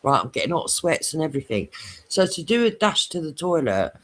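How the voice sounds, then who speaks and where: A woman's voice: low voice, sing-song, fairly quick. Woman telling a crude laughing story. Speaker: podcast host telling a story. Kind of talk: casual chat.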